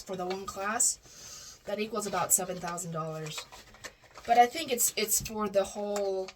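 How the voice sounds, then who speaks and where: A woman's voice: mid-range voice, noisy background. A woman telling a personal story casually, rambling with frequent restarts and self-corrections.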